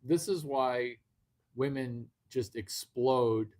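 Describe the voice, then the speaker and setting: A man with a mid-range, slightly mellow voice speaks slowly while hosting a live video stream. He rambles brashly and swears a lot, talking straight to his viewers in unscripted chatter.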